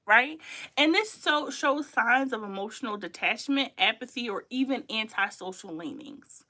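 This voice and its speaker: A woman's voice: fairly high pitch, animated, normal speed, pushed and bright. A young adult woman, hosting a casual livestream in a chatty, emphatic way that repeats points and laughs often. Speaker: livestream host.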